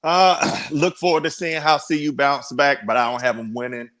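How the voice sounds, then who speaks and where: A man's voice: medium pitch, moderate pace, fairly bright tone. A man panelist in a casual sports chat, joking and laughing along at himself.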